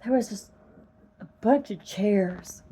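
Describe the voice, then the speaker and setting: A woman earnestly retelling a vivid dream in a slow, halting way, close to tears at times. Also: medium pitch, warm tone, husky, low-quality recording. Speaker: vlogger telling a dream. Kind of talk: personal storytelling.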